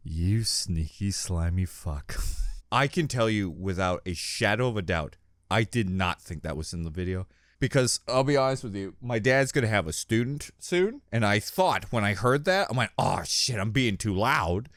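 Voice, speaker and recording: A young man hosting a reaction video, talking casually with jokes and swearing, and yelping loudly when something startles him. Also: lowish voice, lively intonation, moderate pace, dry recording, studio quality. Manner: jumpy, loud exclamations when startled; swears freely, jokey.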